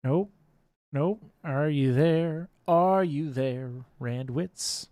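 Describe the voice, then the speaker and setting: A man hosting a casual livestream giveaway, calling out winners' names loudly and joking between them. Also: a little high, extremely slow, dry recording, studio quality.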